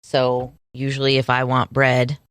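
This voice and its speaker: A woman co-hosting a casual podcast, chatty and quick to laugh. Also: a bass voice, monotone, fairly bright tone, smooth, no echo, studio quality. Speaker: podcast co-host. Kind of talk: casual chat.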